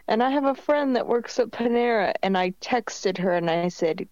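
A woman's voice: fairly high pitch, normal speed, few pauses, darkish tone, no room sound. A young woman co-hosting a podcast, telling a rambling, jokey story in casual chat. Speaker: podcast co-host. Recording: dull lo-fi mic.

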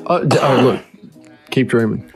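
A man's voice: medium pitch, a little slow, faint music behind. A young Australian man co-hosting a podcast in casual chat, laid-back and teasing. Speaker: podcast co-host.

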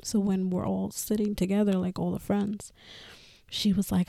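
A woman's voice: mid-range voice, flat delivery, normal speed, vocal fry, mellow, no echo, clean studio sound. A woman, hosting a podcast in casual personal talk, candid and swearing, often laughing between phrases. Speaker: podcast host.

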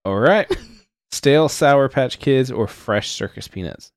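A man's voice: mid-range voice, animated, unhurried, gravelly, no echo, clean studio sound. A young man hosting a podcast, firing off casual questions in a laid-back, swearing, mumbly way. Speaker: podcast host. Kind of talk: casual chat, quick-fire questions.

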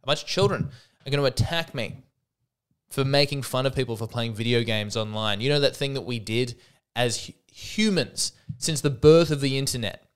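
A man's voice: medium pitch, moderate pace, clean tone. A man with an Australian accent, hosting a solo comedy podcast in a wry, self-deprecating, rambling monologue.

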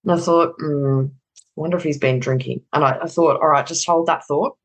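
A woman's voice: deep voice, steady tone, normal speed, poor audio. A middle-aged woman telling a personal story in conversation, candid and casually swearing, acting out the dialogue.

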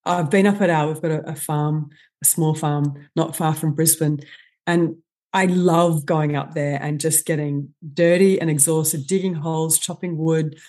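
A woman talks with eager, animated energy, piling up quick examples as she explains. Her voice sits a little low and sounds soft and mellow. It is a relaxed podcast conversation. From Australia. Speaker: guest expert on stress and performance.

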